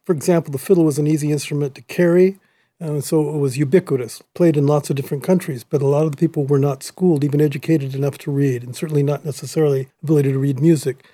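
Man with a mellow, slightly high voice. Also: fairly even intonation, fast, no echo. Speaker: band musician. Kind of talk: interview answer.

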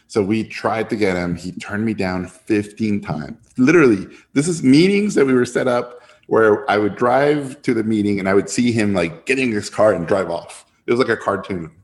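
A man, a filmmaker guest telling an animated anecdote and jumping high in pitch when he quotes others. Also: normal speed, hardly any pauses. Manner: lively storyteller, jumps high when quoting others.

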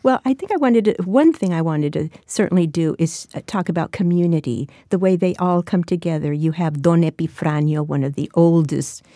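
A woman's voice: on the low side, brisk, few pauses, dark tone, no echo, clean studio sound. A woman in her sixties, an author being interviewed, who speaks reflectively with frequent restarts. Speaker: author and guest. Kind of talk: interview conversation and reading.

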